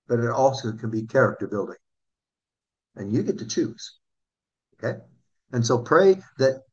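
Husky-voiced preacher man, muffled recording. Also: mid-range voice. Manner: earnest, asks the congregation questions, slows for scripture. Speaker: pastor. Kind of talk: sermon.

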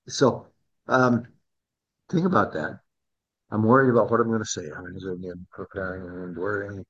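A man's voice: on the low side, fairly even intonation, moderate pace, husky. A man teaching a Bible study class in a conversational way, often repeating words and asking the group questions. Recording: dull lo-fi recording.

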